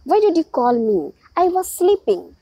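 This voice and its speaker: A woman's voice: very high voice, sing-song, normal speed, dark tone, no room sound, pitched above the performer's own voice, exaggerated voice. A woman reading the lines of a friendly male genie from a teapot in a storybook. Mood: questioning.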